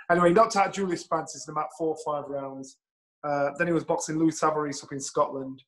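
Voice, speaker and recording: A middle-aged man tells an anecdote with a fairly high voice for a man. He is lively and blunt, swears freely and acts out each quote. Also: fairly quick, poor audio. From England. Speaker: guest storyteller. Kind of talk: anecdotal storytelling.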